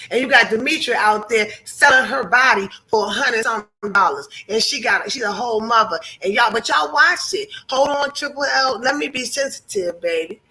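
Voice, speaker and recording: A woman's voice: fairly high pitch, sharp tone, low-quality recording. A woman hosting a livestream, giving heated, blunt commentary full of profanity and preaching to her chat viewers. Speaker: livestream host.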